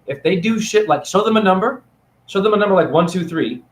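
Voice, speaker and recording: A man with a high, expressive voice speaks fairly quickly in a reverberant space. He is a spiritual teacher recording a casual, rambling, playful, and preachy teaching monologue to camera on his phone.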